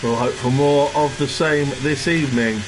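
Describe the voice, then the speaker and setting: A man giving relaxed live commentary on an online race and greeting viewers in the chat. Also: medium pitch, moderate pace. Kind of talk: live sim-racing commentary. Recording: noisy stream with engine sound behind.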